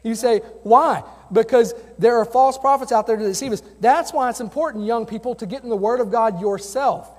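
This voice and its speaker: A man with a notably high voice preaches earnestly from the pulpit as a youth pastor, mixing scripture with personal stories in a conversational way. His words ring out with a long reverb that trails through the church sanctuary. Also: fairly quick, hardly any pauses. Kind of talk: sermon.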